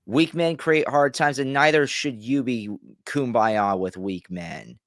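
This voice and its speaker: A man's voice: medium pitch, a little slow, dry recording, studio quality. A man streaming a reaction, ranting casually, stumbling over restarts and swearing freely.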